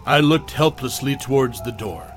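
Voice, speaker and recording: A man narrating a first-person horror story in a hushed, measured way. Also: medium pitch, music in the background.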